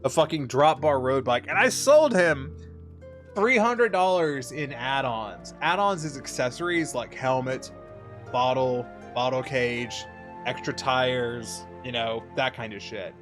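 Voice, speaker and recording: A young adult man streaming from a home setup, chatting casually and telling stories with lots of swearing and sudden excited bursts, with faint music behind him. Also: medium pitch, measured pace. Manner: profane, animated storytelling with bursts of excitement. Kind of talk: casual gaming stream chat.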